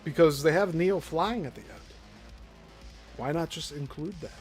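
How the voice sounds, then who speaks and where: A man's voice: a little high, moderate pace, soft background music. A man with a Midwestern accent giving blunt, opinionated commentary, with some swearing. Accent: Midwestern American. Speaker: commentary host.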